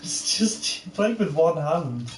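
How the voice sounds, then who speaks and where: A man's voice: a little high, animated, slow, recorded from a distance. A man co-hosting a game playthrough, chatty and teasing, laughing often. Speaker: let's play co-host. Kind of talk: casual gaming banter. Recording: roomy, faint noise.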